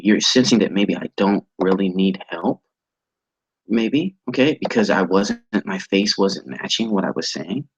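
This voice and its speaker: Deep husky male instructor. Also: dry recording, highs cut off. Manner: halting, many repeated words and restarts. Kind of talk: online training lecture. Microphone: video call.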